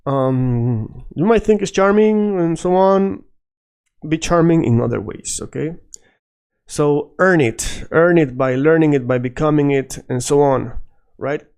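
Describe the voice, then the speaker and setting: A man teaching a casual video lesson, animated and drilling words by repetition. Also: a little high, measured pace, smooth. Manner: animated, switches between English and Spanish, repeats words for drill. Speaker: Spanish teacher.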